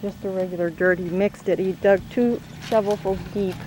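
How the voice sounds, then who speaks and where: A woman's voice: medium pitch, steady tone, moderate pace. A woman hosting a casual garden tour outdoors, asking lots of questions. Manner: curious, asks many questions. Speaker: host. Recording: outdoor recording with clear background noise.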